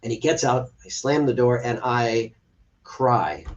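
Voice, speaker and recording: An expressive, unhurried male voice in the mid range belongs to an adoptive father being interviewed on a podcast. He earnestly shares a personal story, playing out quoted dialogue, with audio that is distant and slightly dull.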